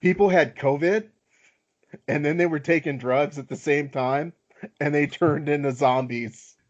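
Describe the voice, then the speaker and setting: A man's voice: on the high side, fairly even intonation, measured pace. Laid-back man hosting a podcast, lo-fi. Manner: easygoing, self-deprecating, lots of filler. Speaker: podcast host. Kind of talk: casual podcast chat. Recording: slightly dull lo-fi audio.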